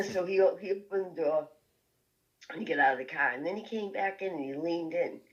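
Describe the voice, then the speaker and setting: A woman's voice: on the low side, moderate pace, dull audio. Woman guest telling a story with lots of laughs. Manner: lively, laughing often, full of restarts. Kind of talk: telling a story in a podcast interview.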